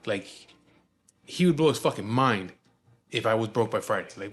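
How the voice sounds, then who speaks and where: A man's voice: fairly low pitch, expressive, moderate pace. A man in his forties from Southern California, telling a story casually with a lot of swearing and fillers. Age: 40s. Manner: laid-back and profane, with frequent fillers.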